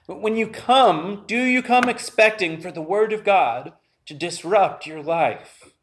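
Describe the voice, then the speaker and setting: A man's voice: sits high, a bit bright. A man preaching a sermon to his congregation, earnestly asking them questions and reading scripture. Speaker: pastor.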